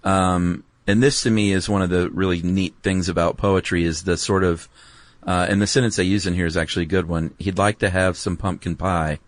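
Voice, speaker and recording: A man's voice: sits low, fairly even intonation, a little fast, dry recording. A man co-hosting a podcast, talking in a laid-back, meandering way with lots of ums and asides. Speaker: podcast co-host. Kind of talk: casual explanatory chat.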